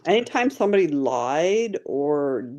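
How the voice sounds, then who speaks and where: A woman's voice: low-pitched, sing-song, unhurried, darkish tone, muffled recording. Giggly woman hosting a casual chat. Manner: giggly, rambling, lots of fillers. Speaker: podcast host.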